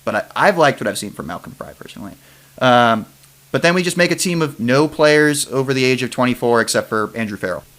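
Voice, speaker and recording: Dude hosting a chill sports pod, kinda rambly, mid pitch, keeps restarting sentences. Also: male voice, lively intonation, a bit bright. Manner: rambling, quick restarts and trailing off. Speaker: podcast host. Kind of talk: casual chat.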